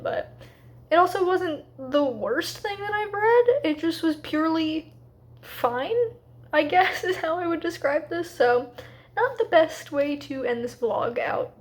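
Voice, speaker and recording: A woman talking casually in a reading vlog, chatty and a little rushed, with lots of fillers. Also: sits high, animated. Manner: quick, slightly rushed asides. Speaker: book vlogger.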